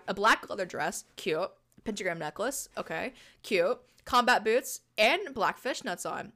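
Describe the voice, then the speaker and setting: A woman's voice: fairly high pitch, sharp tone. A young woman co-hosting a casual podcast, reading fanfiction aloud with giggly asides and jokes. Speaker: podcast co-host.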